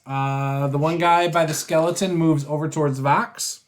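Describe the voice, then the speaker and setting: Brisk, chuckling male game master. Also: fairly high pitch, steady tone. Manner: brisk, laughs often, quick rulings. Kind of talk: running a tabletop game.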